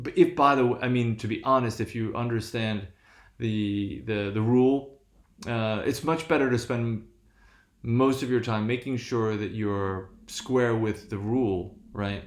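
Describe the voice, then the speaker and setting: A man's voice: on the low side, reverberant. A man teaching a recorded lesson from his room, talking with many restarts and adding "right?" after nearly every point. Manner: hesitant, restarts often, keeps checking with "right?". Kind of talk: recorded lecture on English stress.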